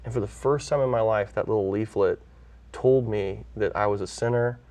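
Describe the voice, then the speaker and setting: Earnest pastor telling his story, low voice. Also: moderate pace, a little mellow, recorded from a distance. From California, USA. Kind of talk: interview guest telling his testimony.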